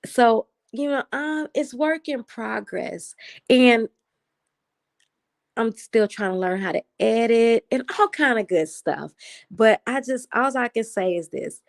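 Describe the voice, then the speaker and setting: A woman hosts a relaxed late-night livestream from home and answers her viewers' comments as they come in. Her natural speaking voice sounds excited and animated even when she is just chatting. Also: a little high, takes it slowly, gravelly. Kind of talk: casual live chat, reading viewer comments.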